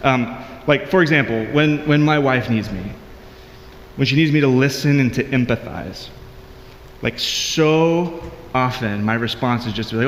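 A man's voice: mid-range voice, a little slow, echoey room, big-room sound, a little hiss or hum. A married man giving a conversational, earnest sermon as a pastor, with frequent restarts.

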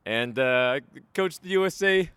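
A man playing a brash tough-guy coach with a put-on Boston accent, in a cocky, laughing way, speaking higher than his own voice. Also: lively intonation, unhurried, a bit bright, no room sound, studio quality. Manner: gruff, cocky, laughing through it. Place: converted warehouse training center.

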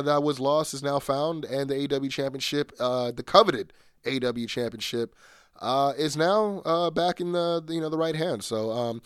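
A man's voice: medium pitch, smooth, no echo, studio quality. A man hosting a solo podcast, chatting casually with lots of fillers and restarts. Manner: rambling, many fillers and restarts. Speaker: podcast host.

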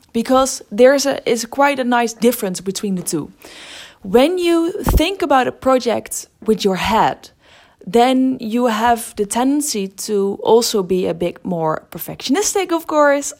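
A middle-aged woman hosting a podcast as a creativity teacher, talking thoughtfully and often restarting her sentences. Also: a little high. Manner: thoughtful, with frequent restarts and fillers. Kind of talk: casual spoken monologue.

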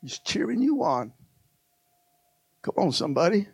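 A male pastor delivering a passionate sermon, swinging from soft asides to loud, fervent climaxes. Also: high-pitched, very animated, measured pace, vocal fry, breathy edge, no room sound, clean studio sound.

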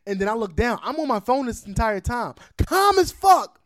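Animated laughing man telling a story. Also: very high voice, normal speed. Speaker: podcast host. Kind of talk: casual storytelling chat.

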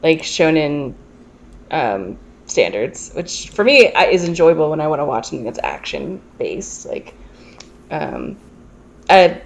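Female co-host, low voice with animated pitch, chatty and filler-heavy. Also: vocal fry. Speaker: podcast co-host. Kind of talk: casual movie discussion.

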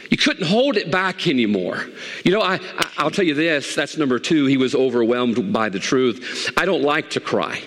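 A middle-aged man preaching a sermon as pastor, animated, swinging from loud emphatic highs to soft asides. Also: moderate pace. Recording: long hall reverb.

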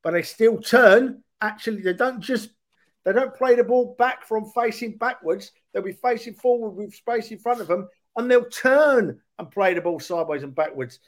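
High-voiced man arguing devil's advocate. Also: normal speed. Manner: argumentative, poses long rhetorical questions. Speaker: podcast co-host. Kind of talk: casual football chat.

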